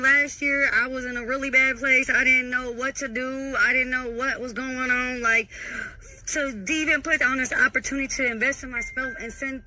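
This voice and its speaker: A woman's voice: sits high, pushed and bright, a little hiss or hum, rough recording. A woman giving a grateful, heartfelt testimonial in a casual way. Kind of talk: emotional testimonial.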